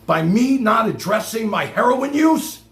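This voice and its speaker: A man's voice: very high-pitched, lively intonation, unhurried, a bit bright. A man hosting a livestream, delivering an angry, profane rant. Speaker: livestream host. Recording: echoey room.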